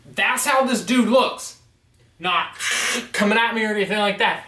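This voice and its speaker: A man tells a story with emphatic, insistent conviction in a bright, forceful voice. His voice sits a little high for a man. He is recorded in an echoey room, some distance from the mic. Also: moderate pace, slight background noise. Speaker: vlogger. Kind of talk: storytelling vlog.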